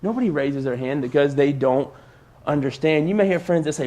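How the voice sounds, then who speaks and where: A man's voice: fairly high pitch, a little fast, a little mellow. A man preaching a casual youth sermon from a church stage, talking conversationally and filling his sentences with "like". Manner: conversational, peppered with "like". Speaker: youth pastor.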